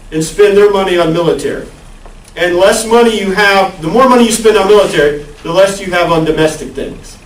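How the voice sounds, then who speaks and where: A man's voice: sits high, a little hiss or hum. Man lecturing a class in an echoey room. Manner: conversational, asks the class questions. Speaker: college lecturer. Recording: echoey classroom, far from the mic.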